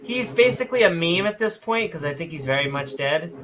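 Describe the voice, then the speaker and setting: A woman's voice: fairly low pitch, lively intonation, a little fast, a little hiss or hum. A woman hosting a casual livestream chat, bubbly and rambling, laughing often. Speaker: host.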